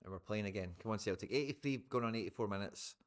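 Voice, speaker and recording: Scottish male streamer, lowish pitch, casual live match commentary, informal and chatty with viewers. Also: quick pace. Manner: chatty, swears, talks to viewers as guys. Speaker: live football watchalong streamer.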